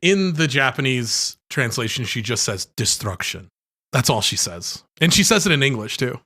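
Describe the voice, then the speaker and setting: Man, podcast co-host, mid pitch, blunt, teasing, casual swearing. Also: big pitch swings, normal speed, pushed and bright. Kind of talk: casual chat.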